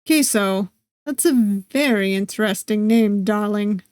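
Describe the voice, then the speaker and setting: A woman voicing a tall, courtly old-world nobleman with a deep, formal delivery and a slight put-on Russian accent. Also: measured pace, a little mellow, no echo, clean studio sound, close to an everyday voice. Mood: gracious. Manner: deep, formal and smooth, calling the listener darling. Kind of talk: game voice acting while reading aloud.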